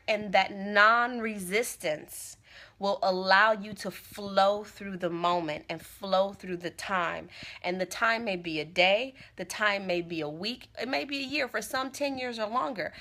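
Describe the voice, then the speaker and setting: This woman's mid-range voice has a sharp tone and an unhurried pace. A motivational speaker in Tampa, she livestreams from her phone, speaking casually and earnestly, cheering on viewers and repeating phrases to stress them.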